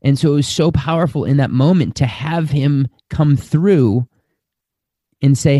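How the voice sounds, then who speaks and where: A man's voice: medium pitch, mellow, dry recording, studio quality. A man, a spiritual teacher, giving an earnest, reflective talk and stretching out the words he stresses. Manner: slow, earnest, drawn-out emphasis.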